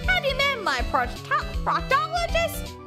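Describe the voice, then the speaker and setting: Woman voicing a male clown, joking, high lively voice, game music behind. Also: measured pace, full character voice. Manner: high, bouncy joke delivery.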